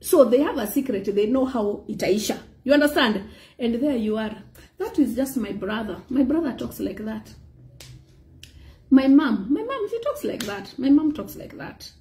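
Woman preacher; high, mellow voice; animated delivery with "praise God" asides. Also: moderate pace. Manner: animated preaching, mixing in Swahili phrases and frequent "praise God". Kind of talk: sermon.

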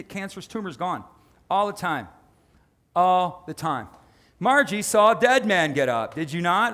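A male pastor preaching a sermon in a lively, conversational way, with quick asides and sudden shifts in volume. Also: sits high.

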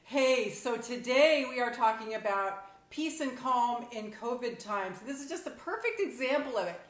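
A woman's voice: a little high, expressive, moderate pace. A middle-aged woman hosting a casual live stream from her phone, chatty and bubbly, often laughing. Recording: echoey room on phone mic.

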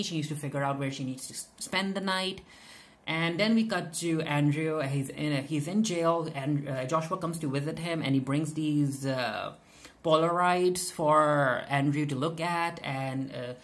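A woman with a low, relaxed voice recaps a TV episode in a casual commentary. She talks off the cuff, full of filler sounds and false starts. She drops quoted lines from the characters into her retelling. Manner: chatty, many filler "uh"s and restarts, retells scenes with quoted lines. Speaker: TV recap reviewer.

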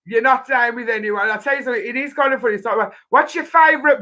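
A woman with a Brummie accent hosts a relaxed chat show. She is lively and jokey, and her tone is bright and forward. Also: on the high side, fast talker, poor audio. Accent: Birmingham. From Birmingham. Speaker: host. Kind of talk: casual chat show interview.

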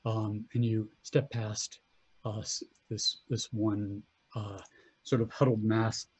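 A man narrating as game master of a tabletop game, halting and restarting as he describes scenes. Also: lowish voice, level tone, husky. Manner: halting, full of fillers and restarts.

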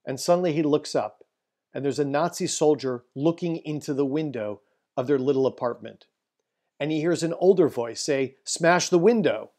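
Solemn rabbi telling history. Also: male voice, a little high, dark tone. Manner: solemn storytelling, slowing for emphasis. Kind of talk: Holocaust history presentation.

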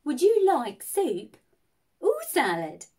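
A woman's voice: high-pitched, wildly swooping pitch, moderate pace, a little mellow. A woman voicing a ditzy, cheerful young woman, telling a comic story in a giggly, bubbly way. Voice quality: giggly, wide-eyed and bubbly. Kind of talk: comic character monologue.

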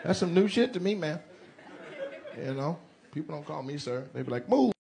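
A man's voice: a little high, animated, normal speed, vocal fry, heavy background noise. A man doing stand-up crowd work, teasing audience members with playful banter on a comedy club stage. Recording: live club with loud crowd. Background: audience laughter.

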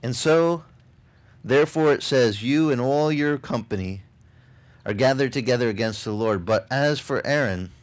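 A man preaching a casual, animated sermon as pastor, reading scripture and talking to the congregation. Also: fairly low pitch. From Hawaii. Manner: animated, conversational, mimics voices for emphasis. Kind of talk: expository sermon.

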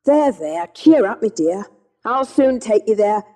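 A woman reading an audiobook voices a kindly, plain-spoken middle-aged cab driver, firm but gentle. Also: mid-range voice, animated, unhurried, natural voice.

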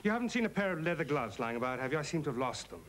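A breezy English cad. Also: male voice, a little high, sing-song, very fast, a bit bright, a little hiss or hum. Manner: breezy, polite, unbothered. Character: smooth, caddish married Englishman. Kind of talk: 1990s sitcom acting.

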